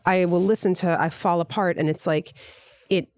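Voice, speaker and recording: A woman's voice: fairly low pitch, steady tone, moderate pace, a little mellow. A middle-aged woman from Long Island hosting a podcast, talking candidly and animatedly, thinking aloud and swearing casually. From Long Island, New York. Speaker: podcast host and DJ. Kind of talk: candid conversational interview.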